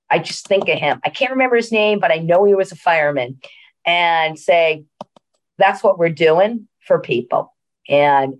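A middle-aged woman, a senior living executive, telling a story in a casual interview with many fillers and restarts. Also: sits low.

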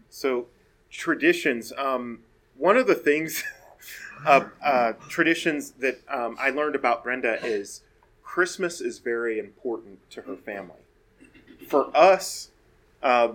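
A man casually telling stories about family and traditions, in a relaxed way with frequent fillers. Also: medium pitch, unhurried, long pauses. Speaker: guest speaker. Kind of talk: casual storytelling.

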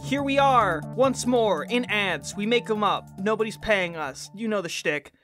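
A woman's voice: mid-range voice, animated, unhurried, music in the background. A woman co-hosting a comedy podcast, making dry, wry remarks in casual chat. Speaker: podcast co-host.

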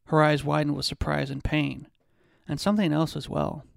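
A podcast host reads a passage from a novel in a measured way, now and then stumbling and restarting a word. His voice is gravelly with heavy fry and sits a little high. The recording is dry and close. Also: little pitch movement, no echo. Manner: measured reading with occasional restarts. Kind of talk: reading a novel excerpt aloud.

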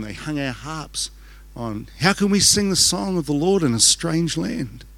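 A man with a New Zealand accent preaches quickly and casually, with frequent restarts and jokes. His voice sits a little high for a man and sounds bright and forceful. The sound is close and dry, with little room echo. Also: animated, vocal fry. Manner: fast-talking, joking and conversational, with restarts. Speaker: pastor. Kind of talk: conference sermon. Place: church auditorium. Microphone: handheld microphone.

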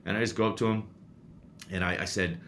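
A low-pitched man with a bright, forceful edge, chatting as a youth baseball coach. He tells stories in animated bursts, full of restarts and repeated words. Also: quick pace, slight background noise. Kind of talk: casual chat.

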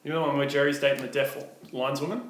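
A man's voice: mid-range voice, steady tone, very fast. Joking Australian man, crude asides. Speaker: podcast co-host. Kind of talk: casual podcast banter. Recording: echoey room with faint noise.

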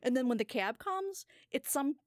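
A woman's voice: high voice, moderate pace, no room sound, clean studio sound. A woman in casual conversation, telling a long anecdote and acting out the people in it, laughing often. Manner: animated, acts out quoted voices, laughs often. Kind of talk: casual chat, storytelling.

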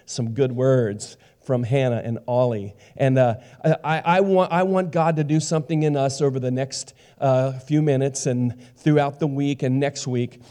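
An animated male pastor in his fifties delivering a sermon in a warm, mellow voice that sits slightly high for a man. He chats with the congregation and acts out quoted lines with sudden jumps in pitch.

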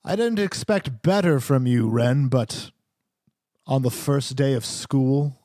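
A man's voice: mid-range voice, slow pace, warm tone, no echo, close to an everyday voice. A man voicing a stern male school headmaster who scolds in a dry, disappointed way. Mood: disapproving.

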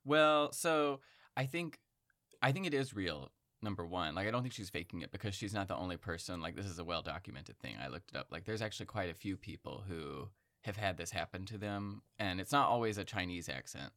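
A man's voice: deep voice, expressive, a little fast, fairly bright tone, no echo, studio quality. A man in casual conversation, explaining patiently and hedging with "I think" and "like".

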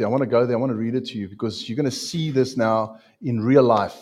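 A man's voice: mid-range voice, quick pace, few pauses, a little mellow. A man preaching a sermon in an emphatic way, repeating phrases and asking his listeners questions.

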